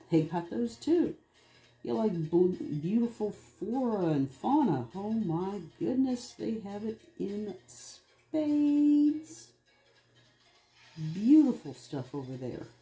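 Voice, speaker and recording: Man, art video host, casual rambling chat, dark mellow tone, faint music underneath. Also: a little high. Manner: rambling, chatty, wanders between topics. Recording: roomy echo, faint music behind.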